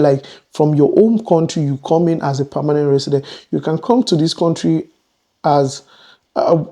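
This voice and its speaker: A man's voice: a little high, warm tone. A man talking casually to camera, explaining things and restarting and repeating his phrases as he goes. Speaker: vlogger.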